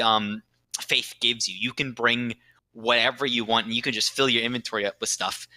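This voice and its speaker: A man's voice: medium pitch, pushed and bright, no room sound, poor audio. A man explaining the rules of a tabletop game on a podcast, casual and full of fillers, with sudden bursts of emphasis.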